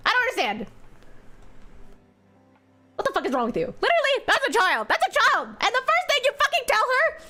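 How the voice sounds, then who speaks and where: A woman streaming a game, with a high voice that swings widely in pitch. She reacts to the story with heavy swearing and emotional outbursts, and she also reads the story text aloud. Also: wildly swooping pitch, fairly quick, pauses often, pushed and bright, soft background music.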